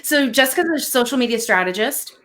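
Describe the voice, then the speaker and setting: A woman's voice: on the high side, lively intonation, fairly quick, a bit bright, a little hiss or hum. A woman hosting a live-streamed interview chat, bubbly and effusive, laughing often. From United States. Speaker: host.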